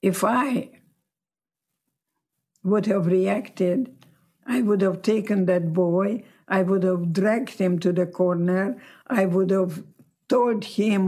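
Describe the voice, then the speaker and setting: A woman in her nineties, a guest telling her life story slowly and reflectively. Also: mid-range voice, warm tone. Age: 90s.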